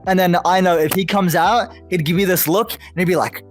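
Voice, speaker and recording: A man co-hosting a casual podcast, his voice sitting somewhat high, laughing as he rambles through stories. Faint music plays under him. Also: steady tone, brisk. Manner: laughing storyteller, heavy use of "like" and swearing. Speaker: podcast host. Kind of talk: casual chat.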